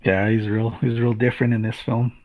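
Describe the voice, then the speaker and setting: A man's voice: mid-range voice, level tone, a little fast, phone-quality sound. A man co-hosting a casual film review chat, in a laid-back way that agrees and adds scene details. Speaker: co-host.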